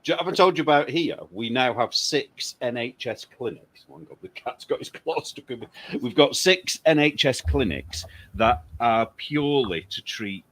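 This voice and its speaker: A man's voice: mid-range voice, animated, normal speed, hardly any pauses, a bit bright. A man from the UK co-hosting a casual chat podcast, blunt and opinionated. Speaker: podcast co-host.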